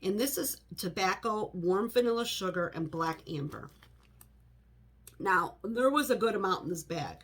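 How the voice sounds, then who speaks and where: A woman's voice: medium pitch, animated, moderate pace, fairly bright tone, husky. A middle-aged woman chatting casually to the camera in her home office, rambling with many "you know" asides. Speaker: home fragrance vlogger.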